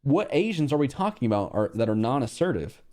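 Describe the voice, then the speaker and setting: A man chatting casually on a livestream, blunt and profane, quick to react. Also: mid-range voice, sing-song, darkish tone. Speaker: streamer.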